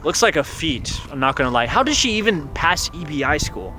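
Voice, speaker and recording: A man's voice: sing-song, brisk, bright, forceful tone. Playful young man voicing game characters. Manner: playful, voices characters in high falsetto, rambling asides. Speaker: gaming YouTuber. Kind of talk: voicing game dialogue with commentary. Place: outdoors.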